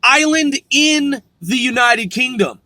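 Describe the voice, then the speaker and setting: A man's voice: very high voice, expressive, slow, pushed and bright, dry recording. A man hosting a vlog, ranting profanely and arguing with a voice assistant in exasperation. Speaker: vlog host. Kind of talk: ranting commentary.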